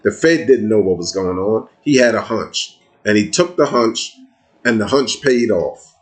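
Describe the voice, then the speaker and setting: A man's voice: fairly low pitch, expressive, unhurried. A man with a casual, streetwise manner, telling a personal story in an emphatic, conversational monologue.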